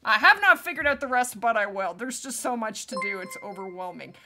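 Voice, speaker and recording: A woman's voice: a little high, animated, fairly quick, pushed and bright, a little hiss or hum. A woman live-streaming a hunting game, bubbly and chatty, laughing often and greeting viewers by name while nursing a back injury.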